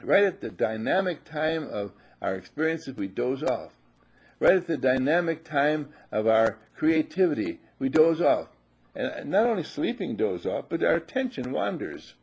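Gravelly older man preaching emphatically. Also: fairly high pitch, moderate pace. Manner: animated, emphatic, repeats phrases, shouts suddenly. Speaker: spiritual teacher. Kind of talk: sermon.

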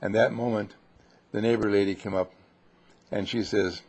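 A man telling a bedtime story to children, gentle and animated, with restarts. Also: lowish voice, normal speed, slightly rough.

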